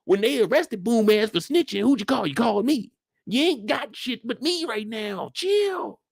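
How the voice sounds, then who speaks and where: A man's voice: very high voice, expressive, gravelly, slightly rough, no room sound, clean studio sound, pitched above the performer's own voice, exaggerated voice. A man ranting as a fed-up young boyfriend. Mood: scolding. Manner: rapid, scolding, repetitive questions. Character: exasperated young man scolding his girlfriend.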